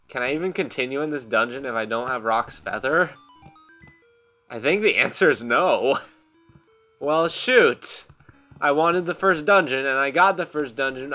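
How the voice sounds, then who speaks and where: A man's voice: mid-range voice, pushed and bright. A young man casually commenting on his own gameplay at home, joking at his own expense and laughing often. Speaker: gaming channel host. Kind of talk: casual let's play commentary. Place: home room.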